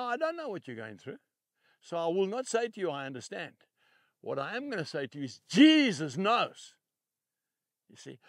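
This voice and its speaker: An older man preaching with a high, lively voice that rises and falls. He is emphatic and repeats key phrases, dropping soft and then swelling loud. The sound is close and dry. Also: no room sound. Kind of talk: televised sermon.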